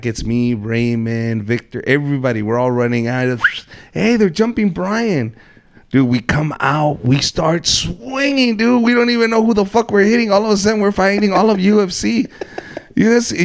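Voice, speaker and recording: A young man hosting a podcast, telling loud, animated stories and swearing a lot. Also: sits high, vocal fry. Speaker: podcast host, comedian. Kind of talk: casual podcast chat.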